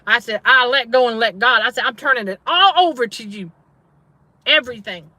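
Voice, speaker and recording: A woman's voice: on the high side, lively intonation, fairly quick, sharp tone, no room sound. A middle-aged woman, speaking to her audience in a casual, testifying way and repeating herself for emphasis. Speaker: faith-based trauma coach and channel host. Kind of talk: casual livestream preaching.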